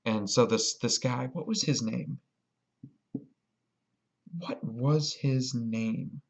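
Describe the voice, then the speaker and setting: A man telling a rambling, excited story about a game in a casual vlog. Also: medium pitch, slow pace, vocal fry. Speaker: vlogger.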